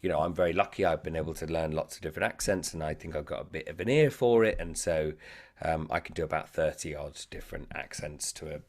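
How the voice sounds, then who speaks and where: A man's voice: a bass voice, quick pace. A male actor being interviewed, talking thoughtfully with many hesitant fillers. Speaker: actor and guest. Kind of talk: casual interview chat.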